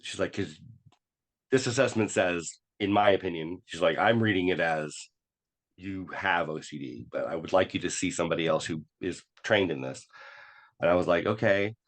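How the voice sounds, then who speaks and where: A man's voice: sits low, moderate pace. A man talking as a podcast guest, telling a personal story with many fillers and restarts and acting out quoted dialogue.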